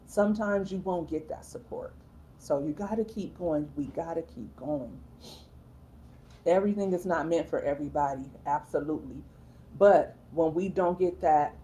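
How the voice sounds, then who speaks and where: Low, mellow-voiced woman hosting a livestream. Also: slight background noise. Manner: earnest, encouraging, repeats for emphasis. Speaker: livestream host. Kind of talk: motivational livestream talk.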